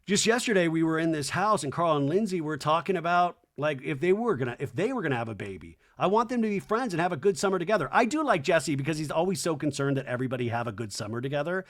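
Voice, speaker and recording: A man hosting a podcast, recapping a reality show in casual, animated commentary and acting out the cast's lines in mock voices. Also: a little high, fairly quick. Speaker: podcast host.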